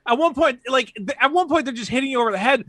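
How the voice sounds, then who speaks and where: A man's voice: extremely high pitch, animated, fast talker, sharp tone, no echo. A man, a sarcastic film critic, mocking a movie's lines in a playful debate. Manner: sarcastic, mocks lines in silly voices. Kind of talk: playful debate, arguing a side.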